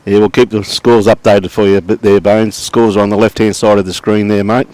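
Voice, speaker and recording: A middle-aged Australian man doing relaxed live commentary on lawn bowls, chatting and greeting viewers by name. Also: lowish voice, fairly quick, no room sound.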